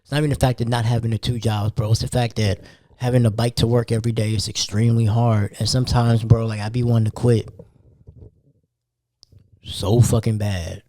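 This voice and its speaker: Podcast host, young man, tired, slangy casual delivery, mellow dark tone, dry close sound. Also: medium pitch, flat delivery, brisk, no room sound. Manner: street slang, loose and conversational. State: tired, yawning. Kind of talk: casual monologue.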